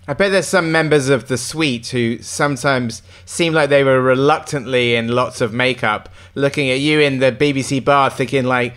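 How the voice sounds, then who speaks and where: A man's voice: medium pitch, moderate pace, few pauses, fairly bright tone, smooth. A man with an English accent, a film director guest, curious and enthusiastic in casual interview talk.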